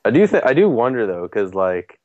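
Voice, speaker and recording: Laid-back male co-host, slightly low voice, quick to laugh, recorded dry and lo-fi. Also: big pitch swings, a little mellow, no room sound. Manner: agreeable, quick laughs, frequent "yeah". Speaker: podcast co-host. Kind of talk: casual movie chat. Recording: dry, dull lo-fi mic.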